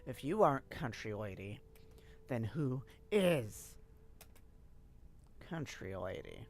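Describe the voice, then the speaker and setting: A streamer voicing a tough, secretive troll girl from a game, speaking in a gruff, curt and irritable way. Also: medium pitch, big pitch swings, slow, a little mellow, voice pushed down. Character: tough secretive female troll lurking in bushes.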